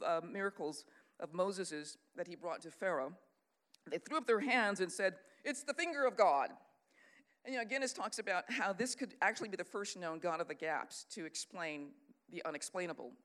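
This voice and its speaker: An earnest Christian speaker giving a sermon-style teaching talk at a middle pitch. The delivery is lecturing and unscripted, with restarts and reading from quoted books. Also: a bit bright. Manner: earnest, lecturing, reads out long quotations.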